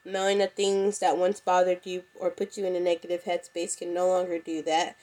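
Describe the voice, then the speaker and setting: A woman's voice: fairly low pitch, monotone, fairly quick, dark tone. A young woman with a congested, stuffy-nosed voice, hosting a casual solo podcast and talking to her listeners. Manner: chatty, addresses listeners as "y'all". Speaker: podcast host. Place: at home.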